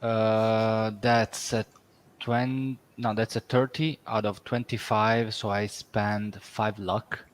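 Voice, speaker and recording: A man playing a tabletop game, talking through his rolls in a brisk, rules-focused way. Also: on the low side, little pitch movement. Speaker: player. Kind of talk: casual chat over a tabletop game.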